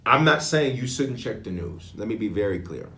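A man leading prayer and preaching a sermon as bishop, with sudden loud emphasis and frequent throat clearing. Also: fairly low pitch, lively intonation, moderate pace, reverberant.

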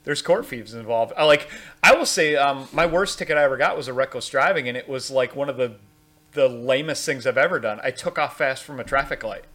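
A man's voice: medium pitch, brisk, a bit bright. A man hosting a podcast, telling stories in a rambling, candid way. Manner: rambling, restarts, candid storytelling. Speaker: podcast host. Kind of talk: casual chat.

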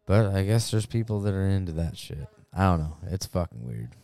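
A man's voice: low-pitched, very animated, fairly quick, dark tone, dry recording. A man co-hosting a casual chat, emphatic and profane, laughing often. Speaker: podcast co-host.

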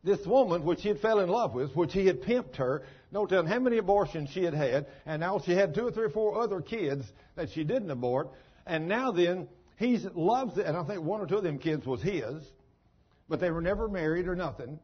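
A preacher telling a story in a sermon, folksy and emphatic. His voice sits high and has a husky grain. The recording sounds dull and muffled. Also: lively intonation, brisk.

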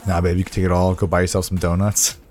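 A young man casually chatting on a live stream, joking crudely and talking through math out loud. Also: deep voice, little pitch movement, fast talker, soft background music.

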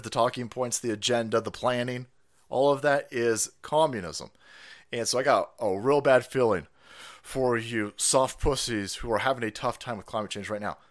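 A man hosting a livestream, ranting in a foul-mouthed, mocking way. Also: mid-range voice. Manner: loud, mocking, swings between mutters and yells. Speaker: livestream host. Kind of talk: foul-mouthed political rant.

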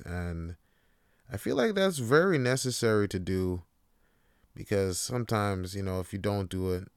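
A man's voice: sits low, clear, resonant tone, dry recording, studio quality. A young man hosting a podcast, talking casually in a rambling, profane way with many fillers. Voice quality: laid-back, profane, rambling with lots of fillers. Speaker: podcast host. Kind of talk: casual monologue.

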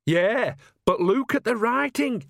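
A man voicing a sly old woman witch who hisses conspiratorially with dark relish. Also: sits high, takes it slowly, dry recording, studio quality, pitched above the performer's own voice. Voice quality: hissing, conspiratorial.

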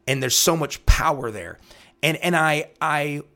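Earnest pastor teaching from the psalms. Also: male voice, a little high, measured pace, a bit bright. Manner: earnest, repeats phrases, asks "right?". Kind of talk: devotional Bible teaching talk.

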